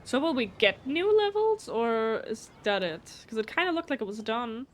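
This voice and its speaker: A chatty woman streams a video game live and talks casually with her viewers. Her voice sits a bit higher than most, and her manner is blunt, with casual swearing mixed in. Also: big pitch swings, moderate pace, background noise. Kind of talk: casual live gameplay commentary.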